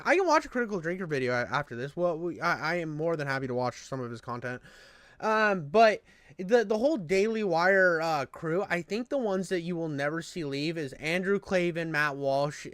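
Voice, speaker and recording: A young man with a high, smooth and resonant voice talks loosely through online commentary. He rambles, swears freely and restarts sentences often. The sound is dry and close, from a desk mic at home. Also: fairly bright tone, no echo. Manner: rambling, profane, full of restarts. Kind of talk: casual stream commentary.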